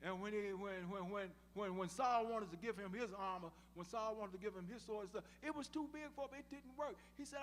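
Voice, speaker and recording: A man's voice: sits high, lively intonation, a little fast, hardly any pauses, a bit bright, slight background noise. A man preaching a sermon, telling a Bible story in voices and calling on the congregation to answer back. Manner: call-and-response preaching, storytelling with acted voices. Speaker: pastor. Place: church sanctuary. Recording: live church sound with long reverb.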